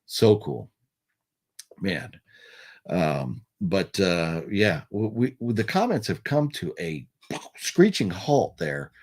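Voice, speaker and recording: A man's voice: low voice, very animated, slow. A young American man hosting a casual live stream, talking loosely with lots of fillers and restarts while he reads and answers viewer comments. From United States. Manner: rambling, many fillers and restarts, friendly. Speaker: livestream host. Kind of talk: casual live chat reading super chats.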